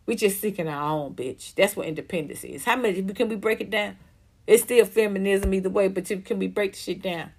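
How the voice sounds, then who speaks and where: A livestream host with a husky, darkish, mid-range voice reads out viewer comments and responds to them fairly quickly. She keeps a casual commentary style, answering bluntly and emphatically, with lots of swearing.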